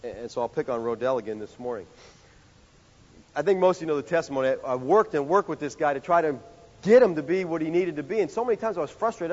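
A male pastor preaching a sermon in a conversational, animated way, full of rhetorical questions. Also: on the high side, fast. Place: church sanctuary. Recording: dull sound with long hall reverb.

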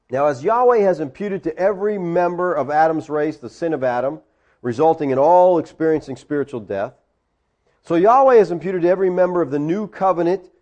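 A man's voice: fairly high pitch, a little mellow. A man delivering a teaching sermon, explaining words from the Greek and driving points home with rhetorical questions. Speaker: preacher.

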